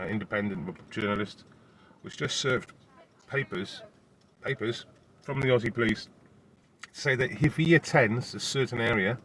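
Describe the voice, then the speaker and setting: Streaming casually from his phone, a man from Wales rambles on about the news, pausing between points to speak to his dog. His voice is on the low side, pushed and bright, with slight background noise.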